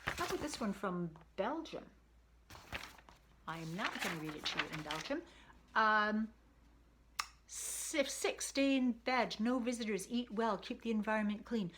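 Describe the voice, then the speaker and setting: A woman's voice: medium pitch, lively intonation, normal speed, long pauses, a bit bright, slight background noise. A woman hosting an explanatory history video, chatting casually and reading old newspaper clippings aloud. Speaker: video host.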